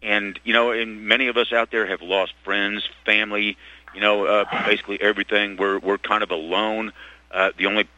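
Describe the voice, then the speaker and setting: A middle-aged man rambling through a talk radio monologue, stopping and restarting his sentences with lots of fillers. His voice is on the low side but forceful and tense. The studio sound is close and dry. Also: little pitch movement, dry recording, highs cut off. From Texas. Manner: halting, full of restarts and fillers. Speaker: radio talk show host.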